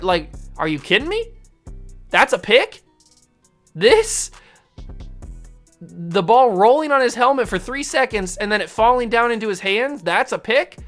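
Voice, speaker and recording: Exasperated man ranting over gameplay. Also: high-pitched. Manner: exasperated ranting with sudden shouts. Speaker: gaming channel host. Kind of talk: live gameplay commentary.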